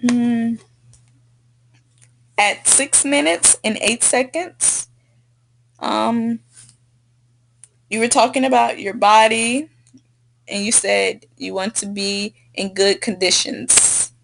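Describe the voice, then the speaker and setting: A woman tutoring English who slowly and patiently repeats and models corrected sentences, recorded on a computer mic. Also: fairly high pitch, fairly even intonation, creaky, a little hiss or hum. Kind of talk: screen-recorded correction feedback. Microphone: computer mic on a screen recording.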